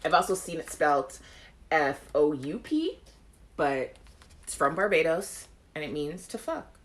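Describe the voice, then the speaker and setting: A young woman with a Caribbean accent hosts a live chat show in a casual, animated way. Her voice sits low, and she laughs often and breaks into playful sung snippets while reading viewer comments. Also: measured pace. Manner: animated, laughs often, acts out song lines.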